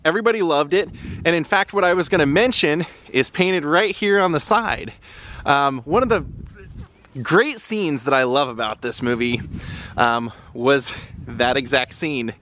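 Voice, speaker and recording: A man's voice: a little high, fairly bright tone, slight background noise. A man chatting casually as a vlog host, rambling with frequent ums while walking outdoors around a baseball stadium. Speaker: travel vlogger visiting film locations.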